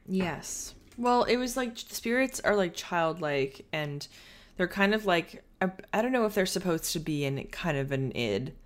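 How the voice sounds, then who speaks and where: A woman with a notably low voice chats about a novel on a podcast. She is blunt and wry, with a relaxed conversational delivery. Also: a little slow. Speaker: podcast co-host. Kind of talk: casual book discussion.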